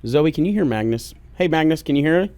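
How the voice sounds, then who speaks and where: A man's voice: a little high, expressive, quick pace, warm tone, smooth. Blunt, joking Oklahoma man on a podcast. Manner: blunt, joking, swears freely. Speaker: podcast co-host. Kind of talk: casual podcast chat. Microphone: podcast microphone.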